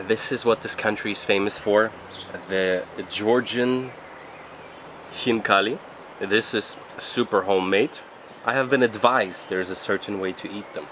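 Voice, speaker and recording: A man's voice: on the low side, fairly bright tone, a little hiss or hum. Chatty upbeat travel vlogger man. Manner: chatty, upbeat, loose self-corrections. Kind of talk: casual travel vlog.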